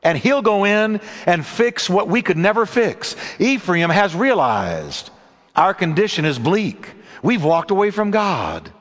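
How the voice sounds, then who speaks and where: A male preacher who delivers his sermon emphatically, slowing down for dramatic pauses. His voice sits a little high and swings widely, with a long reverb behind it. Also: sing-song, fairly bright tone. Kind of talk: sermon with storytelling.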